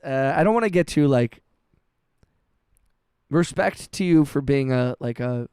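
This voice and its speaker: A man streaming music production, chatting casually with his chat, halting and heartfelt, often restarting and swearing with lots of "bro" and "dude". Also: medium pitch, expressive, darkish tone, clean tone, no echo, studio quality. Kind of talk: casual livestream chat, reading chat messages.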